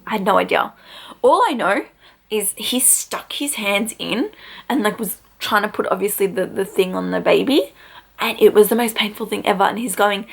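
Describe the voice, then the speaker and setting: A woman's voice: mid-range voice, fairly quick, creaky, slightly rough. A young woman, chatty and full of "like" fillers, telling a personal story to camera in a casual vlog. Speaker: vlogger.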